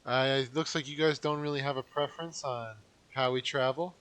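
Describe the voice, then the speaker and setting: A man's voice: medium pitch, steady tone, a little fast, fairly bright tone, a little hiss or hum. A man giving casual, wry live commentary to his chat while playing a game. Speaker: game streamer.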